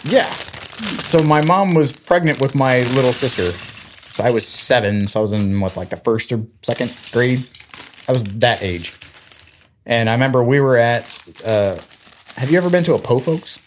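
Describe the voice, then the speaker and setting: Retelling family stories with animation, this thirtysomething Georgia man acts out everyone's voices in a relaxed chat. He speaks at a medium pitch and moderate pace over slight background noise.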